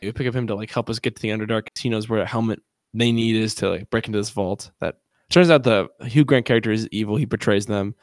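A man co-hosting a podcast in casual chat, easygoing and agreeable, reading aloud a little haltingly. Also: on the low side, a little mellow, dry recording, clean studio sound. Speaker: podcast co-host.

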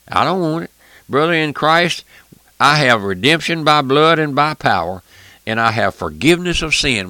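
Male radio preacher, fervent and emphatic, bright forceful voice, dry sound. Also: mid-range voice, vocal fry, no echo. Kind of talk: radio sermon.

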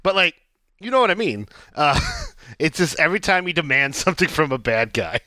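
A man's voice: a little high, animated, brisk, sharp tone, dry recording. A man co-hosting a casual movie podcast, joking around and slipping into mock voices. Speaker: podcast co-host.

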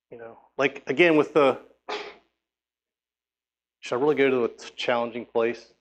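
A man's voice: mid-range voice, steady tone, moderate pace, pauses often. A man preaching a sermon, reading scripture and urging listeners with emphatic, exhorting speech. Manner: emphatic, exhorting, with frequent restarts.

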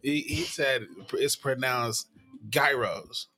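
A man's voice: medium pitch, moderate pace, a bit bright, soft background music. A man in casual chat, playful and hesitant, often trailing off mid-sentence.

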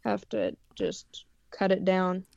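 A woman from Canada co-hosts a casual talk show, chatting in a loose way full of fillers. Her voice sits at an ordinary pitch. The sound is dry yet muffled and lo-fi. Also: sing-song, slow pace, vocal fry, darkish tone, dry recording. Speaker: co-host.

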